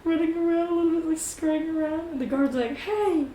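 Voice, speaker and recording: A woman with a fairly high voice narrates a tabletop role-play scene, animated and quick to laugh. The sound is echoey, as if recorded in a bare room, with faint noise behind her. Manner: giggly, animated, breaks into laughter often. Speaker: player narrating her character.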